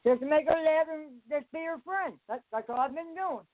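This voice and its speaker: A man in his fifties calling in to a radio show, talking in a halting way that trips over his words. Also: very high-pitched, no room sound. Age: 50s. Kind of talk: casual radio banter. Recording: tinny phone-like line with faint music.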